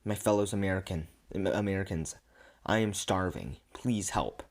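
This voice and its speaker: A man reading aloud, voicing an adult male president who gives rushed, stumbling addresses. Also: sits low. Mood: pleading.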